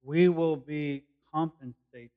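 A man's voice: fairly high pitch, slow. A man preaching a sermon, explaining a passage verse by verse in plain, conversational words. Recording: dull lo-fi recording.

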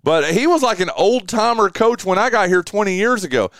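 A man hosts a local sports radio show with a smooth, resonant voice and a dry, close studio sound. He chats casually through scores, with plenty of fillers and restarts. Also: high voice, lively intonation, a little fast, a bit bright, dry recording. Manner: rambling, lots of fillers and restarts.

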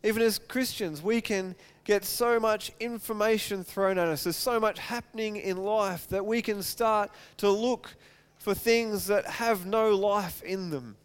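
A man's voice: high-pitched, measured pace, hardly any pauses, clean tone. A man preaching a sermon, retelling a scripture story and asking his listeners repeated questions. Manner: reads scripture aloud, then preaches with repeated rhetorical questions. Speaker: pastor.

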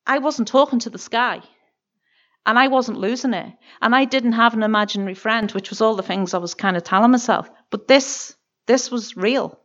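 A woman's voice: on the high side, fairly bright tone, muffled recording. A woman with a Northern Irish accent giving an earnest, emotional personal testimony in church, often stopping and restarting her sentences.

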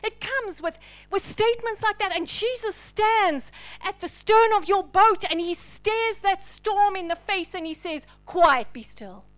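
High-voiced woman preaching with fervor. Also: unhurried. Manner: dynamic preaching, swinging from loud declarations to hushed whispers. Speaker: pastor. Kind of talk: sermon.

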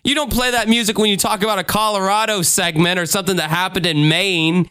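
A man's voice: sits high, steady tone, fast, sharp tone, clear, resonant tone, no room sound, studio quality. A man hosting a podcast in casual chat, joking, sarcastic and swearing freely. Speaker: podcast host.

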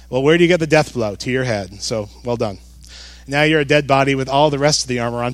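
A man preaching a sermon as a pastor, talking conversationally with jokes and animated emphasis. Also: fairly high pitch, quick pace, dry recording.

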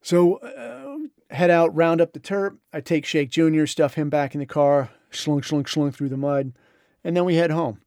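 A man's voice: a little high, moderate pace, darkish tone, no room sound, studio quality. A middle-aged man hosting a podcast, telling a story in a laid-back, conversational way and ending with advice to his listeners. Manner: laid-back, conversational, drawls and mimics others in retold dialogue. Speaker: podcast host. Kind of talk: casual storytelling monologue.

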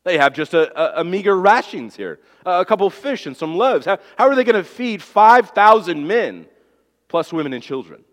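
A man's voice: high-pitched, sing-song, normal speed, fairly bright tone, big-room sound. A male pastor preaching an emphatic sermon, asking rhetorical questions and often repeating his words as he restarts.

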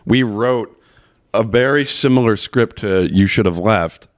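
A man's voice: on the low side, a little slow, no echo, clean studio sound. A man hosting a podcast in a rambling, casual chat, laughing often and swearing freely.

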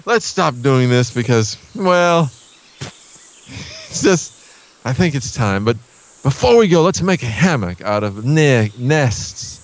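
A man's voice: medium pitch, sing-song, slow pace, pauses often, background noise. A man playing a rambling father teaching his son to camp in an improvised comedy scene, chuckling and drifting into absurd tangents. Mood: earnest. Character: rambling middle-aged father teaching camping.

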